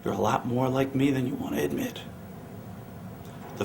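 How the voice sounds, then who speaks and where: A man cutting a wrestling promo, boasting loudly and then sinking into low, menacing whispers. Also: moderate pace, creaky, long pauses, background noise.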